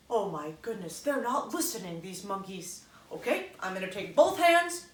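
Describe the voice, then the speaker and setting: A woman's voice: medium pitch, very animated, takes it slowly, echoey room, distant mic. A woman hosting children's story time, encouraging the kids directly as she leads an act-out.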